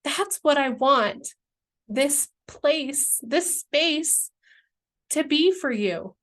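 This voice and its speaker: A woman's voice: high-pitched, animated, extremely slow, a bit bright. A woman, earnestly describing her business dream in a heartfelt, rambling vlog, searching for words and near tears at times. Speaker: entrepreneur presenting her brand vision. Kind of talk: emotional, heartfelt vlog pitch.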